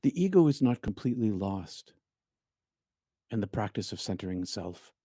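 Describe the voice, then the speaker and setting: A middle-aged man giving a reflective spiritual talk as host, often dropping into quiet, hushed phrases. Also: lowish voice, big pitch swings, no room sound, clean studio sound. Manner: slow, reflective, drops to near-hushed phrases. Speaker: spiritual speaker and show host.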